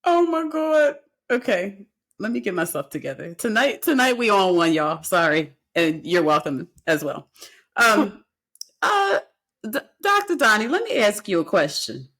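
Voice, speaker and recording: A woman's voice: medium pitch, big pitch swings, measured pace, fairly bright tone. Woman podcast host, emphatic and repetitive. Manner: talks in emphatic, repeated statements. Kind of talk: casual chat.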